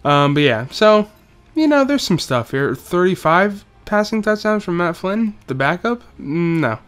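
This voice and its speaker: A man's voice: high voice, big pitch swings, a little slow, fairly bright tone. A young man giving casual, joking commentary over a football video game, rambling through stats and doing mock play-by-play. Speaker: gaming YouTuber.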